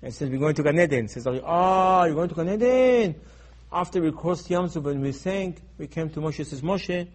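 A man teaching in a sermon style, emphatic and repetitive, acting out dialogue, going from soft asides to loud urgent stresses. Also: on the high side, husky. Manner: acts out dialogue in his teaching. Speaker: Torah teacher.

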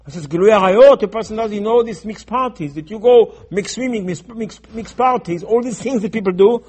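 A man with a delivery giving a sermon, telling stories dramatically and swinging between loud outbursts and hushed lines. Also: high-pitched, brisk, breathy edge. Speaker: rabbi giving a Torah talk.

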